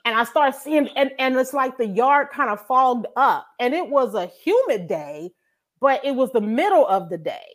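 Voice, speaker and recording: A woman with a fairly high voice shares a personal faith story on a podcast. She talks casually and with life, dropping into the voice of her own past prayers as she goes. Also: lively intonation, normal speed. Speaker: podcast co-host.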